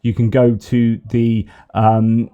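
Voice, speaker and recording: A man's voice: medium pitch, little pitch movement, slow pace, smooth, phone-quality sound. A man hosting a casual news commentary video, rambling with fillers and restarts and repeating his praise. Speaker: host of a news commentary channel.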